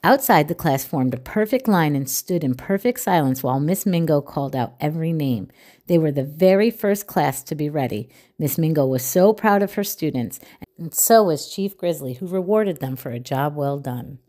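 A woman reading a children's picture book aloud with clear, expressive storytelling. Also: low voice, normal speed.

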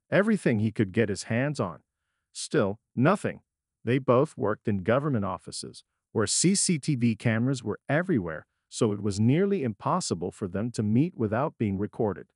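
A man with a husky voice tells a dramatic story. He reads in a scripted way, and his pitch rises and falls widely. The recording is close and dry. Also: no echo. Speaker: narrator.

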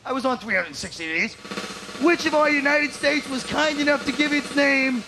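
A man hosting a game show outdoors, shouting wisecracks and teasing the contestants. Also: very high-pitched, normal speed, background noise. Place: outdoors at a spring break beach event. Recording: loud crowd and music at outdoor taping. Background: loud cheering crowd and music.

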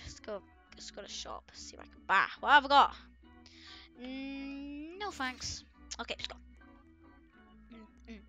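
A woman chatting through a video game, excitable and often bursting into startled screams as she talks to herself and the other players. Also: sits high, a little slow, long pauses, soft background music. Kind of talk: casual gameplay commentary.

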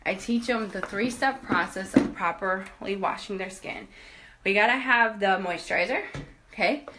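A woman in her thirties gives a casual house tour to camera in a fairly high voice, with a little hiss or hum audible. Moving room to room, she sounds chatty, upbeat and a bit out of breath, frequently checking in with "okay?" and "guys."

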